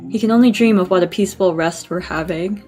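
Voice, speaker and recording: A woman's voice: fairly low pitch, fast, a little mellow, faint music behind, natural voice. A woman reading out the lines of a lonely, gossipy ghost man in a game, in a plain voice. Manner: reads game dialogue aloud plainly.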